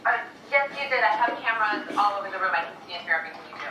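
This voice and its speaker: A hostess with a bad fake British accent. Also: female voice, mid-range voice, expressive, very fast, sharp tone, echoey room, slight background noise. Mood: stiff. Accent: bad put-on British. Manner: hesitant, stiff. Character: awkward escape-room hostess in fake British voice. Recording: muffled distant TV audio.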